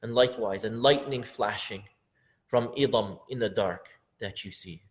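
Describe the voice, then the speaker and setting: A man teaching a lesson on a classical poem, earnest, repeating phrases for emphasis and rising sharply in pitch when he acts out the inner voice. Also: moderate pace. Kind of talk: lecture explaining classical poetry.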